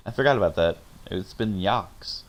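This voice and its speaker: A man's voice: fairly low pitch, moderate pace. A man streaming a game, reading its text aloud and adding laughing, self-mocking asides. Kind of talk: let's-play narration and commentary.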